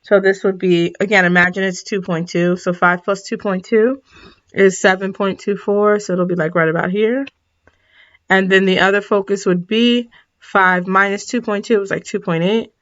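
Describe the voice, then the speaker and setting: A woman's voice: mid-range voice, fairly even intonation, normal speed, fairly bright tone. Tired woman teaching math, lo-fi. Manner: casual, self-correcting, apologetic asides. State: yawning, tired. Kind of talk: recorded lesson at a whiteboard.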